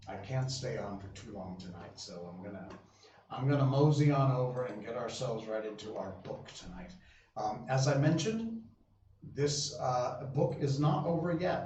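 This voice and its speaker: A man's voice: mid-range voice, mellow, distant mic, highs cut off. A man chats loosely with his live-stream viewers, trailing off and restarting often. His voice sits back from the mic in a roomy, echoing space. A faint hum of background noise runs underneath. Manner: rambling, lots of fillers and restarts. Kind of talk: casual chat with viewers.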